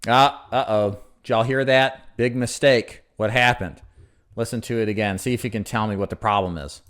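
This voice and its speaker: A man's voice: on the low side, moderate pace. Upbeat man coaching sales by phone. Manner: energetic, laughs at own jokes, demonstrates inflection. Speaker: sales trainer. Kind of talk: coaching commentary on a recorded sales call.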